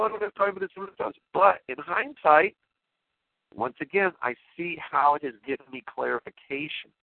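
A male talk show host in a rambling spoken monologue, excitable and emotional, often restarting his sentences. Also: medium pitch, vocal fry, no room sound. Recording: tinny phone-line sound, dry.

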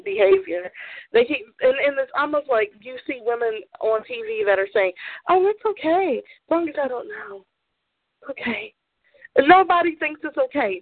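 A woman's voice: sits high, no room sound. Blunt, profane woman on a tinny line. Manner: blunt, profane, laughs often. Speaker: podcast co-host giving opinions. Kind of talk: casual opinion rant. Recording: tinny phone-like line, dry.

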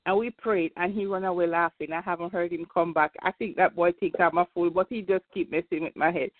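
A woman's voice: on the low side, fairly even intonation, a little fast, no echo. An older woman, a grandmother, earnestly telling a faith story on a community call. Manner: earnest, emphatic testimony. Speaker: call participant sharing testimony. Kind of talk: casual storytelling. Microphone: phone or call line. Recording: tinny phone line.

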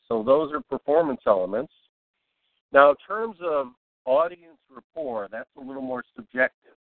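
A man hosting a show, giving a casual broadcasting lesson in a relaxed, rambling way with lots of fillers. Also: medium pitch, no echo. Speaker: podcast host teaching broadcasting. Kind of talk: casual instructional talk. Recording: tinny phone-like, dry.

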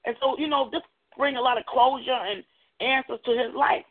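A woman giving an earnest personal testimony as a guest speaker, halting often and restarting her words. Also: high-pitched, fairly even intonation. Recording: tinny phone-like audio.

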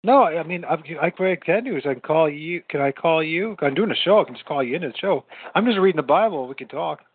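A man's voice: on the high side, expressive, quick pace, slightly rough, no echo. A man hosting his own podcast, chatting casually in a rambling way, repeating words and laughing easily. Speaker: podcast host. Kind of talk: casual late-night call-in chat. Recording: tinny phone-like sound.

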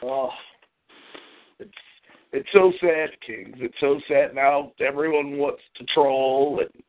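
A man's voice: mid-range voice, fairly even intonation, slow pace. A man hosting a casual talk show, ranting profanely and venting. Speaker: podcast host. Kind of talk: casual chat. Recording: tinny phone line.

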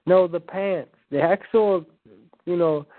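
A man talks casually over a voice call, rambling and restarting his sentences as he goes. His voice sits a bit high. The sound is tinny and phone-like, with no room around it. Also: slow pace, dry recording. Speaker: prank call host.

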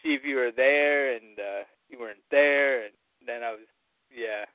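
A man's voice: mid-range voice, normal speed, dry recording. A man rambling through jokey stories as a call-in guest on a casual chat show, boisterous and loose. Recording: tinny phone line.

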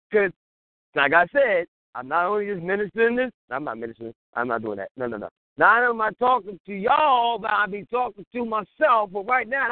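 A man's voice: high-pitched, dry recording. Lay preacher, man, chatty and exhorting, tinny phone-like sound. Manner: conversational, exhorting, laughs between points. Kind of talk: informal sermon-style monologue. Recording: tinny phone-like dry line.

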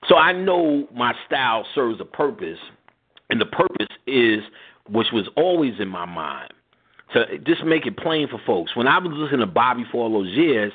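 With big pitch swings in a husky, medium-pitched voice at normal speed, a middle-aged radio host tells casual stories laced with profanity. He laughs often and acts out what others said in voices, all over phone-line audio.

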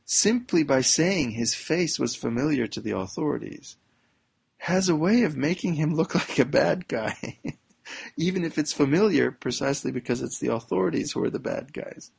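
Gravelly man sarcastically dissecting a news article. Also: on the high side, animated, moderate pace. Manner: sarcastic, breaks into frequent laughter. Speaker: commentator. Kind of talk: reading and critiquing a news article aloud.

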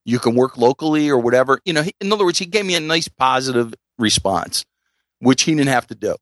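A man's voice: mid-range voice, animated, quick pace, a bit bright, no echo, studio quality. A middle-aged man with a Philadelphia accent, co-hosting a casual podcast and telling rambling stories full of restarts and fillers. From South Philadelphia. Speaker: podcast co-host.

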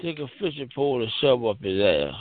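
A man's voice: mid-range voice, very animated, fairly quick, phone-quality sound, a crowd in the background. A man on a phone chat line, mocking and trash-talking the other callers. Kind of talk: heated phone argument.

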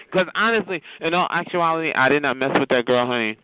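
A man's voice: a little high, fast talker, hardly any pauses, smooth. Sassy man on a tinny phone line. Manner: sassy, animated, calls listeners honey and child. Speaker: chat line regular. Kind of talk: casual storytelling rant.

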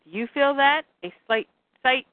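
An uneasy male prisoner, read out by a woman going a little lower than her own voice. The delivery is plain read-aloud. The sound is thin, tinny and dry. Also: steady tone, normal speed, no room sound, close to an everyday voice. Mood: ominous.

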